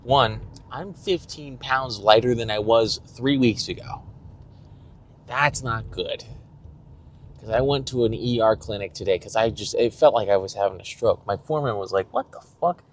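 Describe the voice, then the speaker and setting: Young guy, lowish voice, casual swearing vlog ramble, light background hiss. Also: normal speed. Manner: rambling, profane, restarts sentences. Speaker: fitness vlogger. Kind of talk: casual diary-style vlog.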